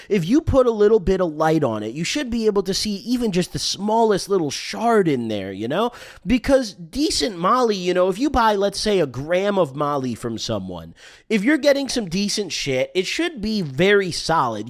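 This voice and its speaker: Guy in his 20s doing a storytime, lots of bro and dude, high-ish voice that swings all over. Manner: slangy, animated, drops "bro" and "dude" constantly. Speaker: storytime host. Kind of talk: casual storytelling. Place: streaming room.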